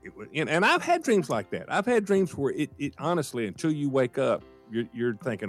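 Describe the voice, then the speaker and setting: A man's voice: mid-range voice, sing-song, fairly quick, faint music behind. A man co-hosting a morning radio show, telling a story and acting out both sides of the conversation. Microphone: studio microphone.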